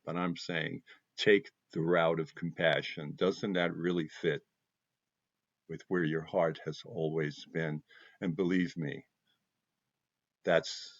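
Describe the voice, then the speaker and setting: Emotional low-voiced man giving spiritual talk. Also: no room sound. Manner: emotional, impassioned, repeats phrases for emphasis. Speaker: spiritual channel host. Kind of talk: heartfelt spiritual talk to viewers. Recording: dull dry lo-fi sound.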